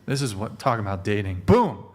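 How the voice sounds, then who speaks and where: A man's voice: fairly high pitch, animated, moderate pace, bright, forceful tone. A man hosting a live talk show, joking loosely and running the segment. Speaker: show host. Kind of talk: casual panel banter.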